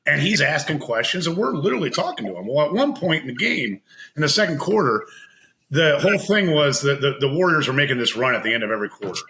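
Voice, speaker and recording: Man, podcast guest, animated storyteller; bright, lively pitch, faint noise. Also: quick pace, low-quality recording. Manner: animated, laughing, acts out quoted voices. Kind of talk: casual storytelling.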